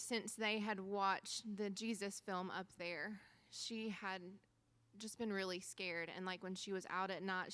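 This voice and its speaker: A woman telling an animated church testimony about a mission trip, acting out quoted dialogue as she goes. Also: medium pitch. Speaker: missionary speaker.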